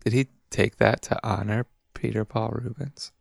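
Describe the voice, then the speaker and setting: A man's voice: on the low side, fairly even intonation, normal speed, gravelly, no room sound, clean studio sound. A man co-hosting a podcast, chatting casually in a wry, quippy manner. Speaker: podcast co-host. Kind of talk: casual comedy chat.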